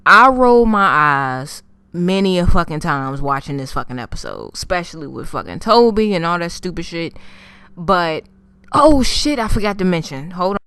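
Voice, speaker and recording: Female vlogger, profane animated recap; low, smooth tone. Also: dry recording. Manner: animated storytelling, heavy swearing, slangy. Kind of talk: casual profane TV episode recap.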